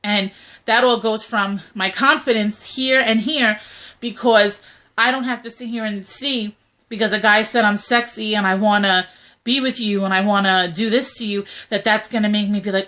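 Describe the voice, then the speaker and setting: Young woman, co-host; blunt, opinionated casual chat, bright tone. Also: medium pitch, moderate pace. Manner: blunt, animated, mimics quoted voices. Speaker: co-host of a talk video.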